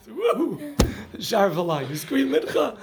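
A man teaching a Torah class, telling jokes and stories and mixing Hebrew and Yiddish terms into his English. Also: high-pitched. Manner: animated storyteller who laughs at his own jokes.

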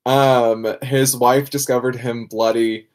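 A man's voice: medium pitch, level tone, slow, a little mellow. A young man as a guest on a casual podcast, talking with many hesitations and wry remarks. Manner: hesitant, lots of ums, wry. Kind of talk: casual chat.

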